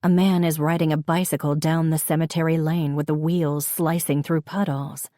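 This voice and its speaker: A woman reading a novel aloud in the first person, with calm, reflective storytelling. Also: sits low, normal speed, no echo, clean studio sound. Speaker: audiobook narrator. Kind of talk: first-person scripted narration.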